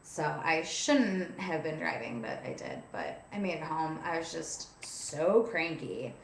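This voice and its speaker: A woman's voice: sits low, big pitch swings, measured pace, slight background noise. Chatty, frustrated young woman, roomy sound. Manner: chatty, frequent "like" fillers, frustrated and cranky. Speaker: vlogger. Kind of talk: casual venting vlog. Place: at home, seated with a cat on her lap.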